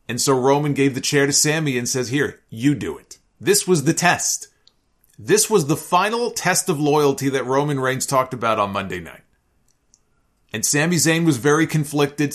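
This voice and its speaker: A man recapping and giving opinions on a wrestling show in a casual, animated storytelling way, sometimes acting out what others said. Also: mid-range voice. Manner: animated storytelling, acts out quoted lines. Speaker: wrestling commentator.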